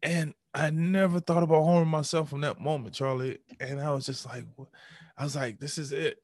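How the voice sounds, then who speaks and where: A man in his thirties tells a deeply personal story as a podcast guest. He slips into animated, higher re-enactments of his own past voice, then settles back into a reflective tone. The recording is dry and close. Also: a little fast, dry recording.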